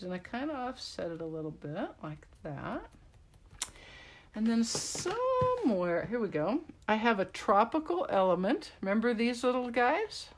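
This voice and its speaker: A woman's voice: mid-range voice, very animated, slow, slight background noise. A middle-aged woman demonstrating card making in a casual tutorial, chatting and rambling in asides to her viewers. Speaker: craft demonstrator.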